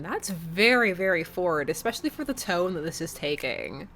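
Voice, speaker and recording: A woman's voice: fairly low pitch, lively intonation, normal speed, hardly any pauses, fairly bright tone. A woman chatting and joking as she plays a dating game, reading narration aloud. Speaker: streamer. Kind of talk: let's play commentary and reading game text.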